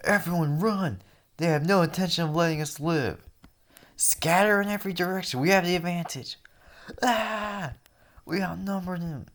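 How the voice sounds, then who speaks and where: A man voicing a panicked young student who shouts orders at classmates to flee. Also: high voice, moderate pace, voice pushed up.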